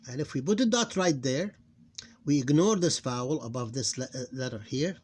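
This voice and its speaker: Hesitant man teaching phonics, fairly high voice. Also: lively intonation, darkish tone. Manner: hesitant, many fillers, slows down to sound out words. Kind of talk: explaining a lesson on screen.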